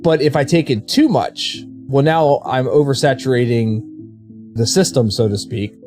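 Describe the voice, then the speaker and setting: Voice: medium pitch, normal speed, darkish tone, soft background music. A game streamer chatting casually with viewers, telling stories frankly, with swearing and many restarts.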